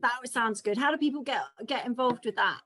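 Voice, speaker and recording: A woman's voice: a little high, fairly quick, fairly bright tone. A woman with a British accent hosting a podcast interview, asking encouraging questions. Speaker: podcast host.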